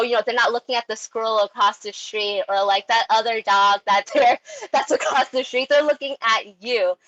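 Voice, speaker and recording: Bright, chatty young woman presenter. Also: fairly high pitch, no echo, muffled recording. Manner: chatty, animated, many ums and likes. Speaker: dog training presenter. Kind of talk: casual online presentation.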